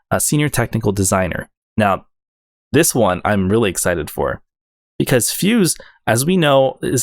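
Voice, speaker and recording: A man's voice: medium pitch, creaky, no room sound, studio quality. A man hosting a gaming video, breaking down game updates in an enthusiastic, rambling way with many fillers and restarts.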